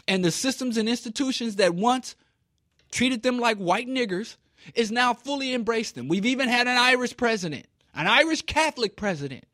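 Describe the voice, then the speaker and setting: A man's voice: extremely high pitch, expressive, brisk, a bit bright, no room sound, clean studio sound. A man from Kansas City giving an impassioned talk, emphatic and preachy, with rhetorical questions. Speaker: speaker.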